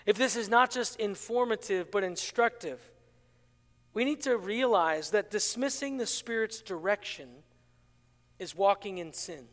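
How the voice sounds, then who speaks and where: A man preaching a sermon as pastor, swinging between loud, urgent passages and hushed, quiet lines. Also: sits high, unhurried. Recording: long hall reverb.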